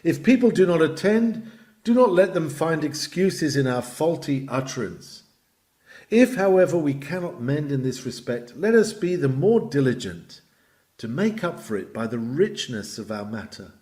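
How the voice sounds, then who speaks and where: A man reading aloud a Victorian lecture on preaching, with expressive emphasis that swells and drops. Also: medium pitch, normal speed. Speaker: reader.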